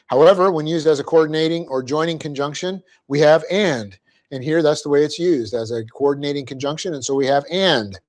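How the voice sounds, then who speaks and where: Middle-aged man teaching a Bible class. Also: a little high. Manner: explanatory, often checking in with "okay?"; light-hearted, quick to laugh at himself. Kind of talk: classroom lecture on Greek grammar. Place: church classroom.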